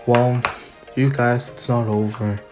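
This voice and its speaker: A woman doing a weary, deadpan male teacher. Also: rumbling low, slow, music in the background.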